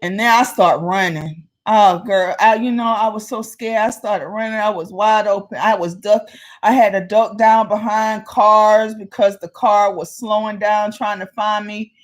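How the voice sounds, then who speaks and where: A woman's voice: mid-range voice, a little slow. A woman vlogger telling a personal story in a casual way and acting out the people in it. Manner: animated, acts out the people in her story.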